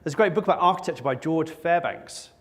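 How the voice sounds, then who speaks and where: Fairly high in pitch and a bit bright, this man's voice moves at a quick pace. He gives a wry conference talk to an audience on stage, peppered with jokes about himself.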